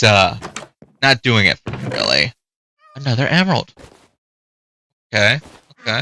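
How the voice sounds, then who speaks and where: A chatty male gamer commenting casually on his play, with a bright, forceful voice. He talks to the animals on screen as he goes. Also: mid-range voice, no room sound. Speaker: gaming youtuber.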